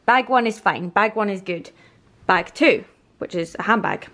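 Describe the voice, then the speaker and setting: Young woman, casual vlog, chatty and excitable, handheld camera, mid-range voice. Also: medium pitch, normal speed. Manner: chatty, excitable, laughs often. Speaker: vlogger.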